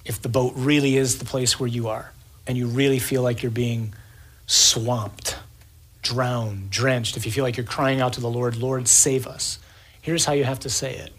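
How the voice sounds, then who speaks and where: Male preacher, husky and breathy, dramatic evening sermon with punchy lists. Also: mid-range voice, fairly bright tone. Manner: dramatic, emphatic lists, acts out the scene.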